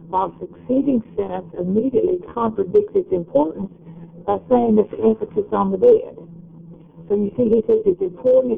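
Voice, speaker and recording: A man giving an explanatory lecture in a measured, step-by-step way. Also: high-pitched, gravelly, husky, phone-quality sound.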